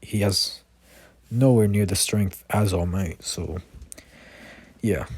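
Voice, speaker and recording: A man's voice: on the low side, takes it slowly, husky, no echo. A man casually improvising a fan-made story, rambling with lots of fillers and restarts.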